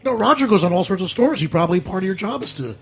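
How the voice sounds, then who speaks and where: A man co-hosting a radio show, cracking quick jokes in casual banter. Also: high voice, animated, husky. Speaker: radio co-host. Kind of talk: casual chat.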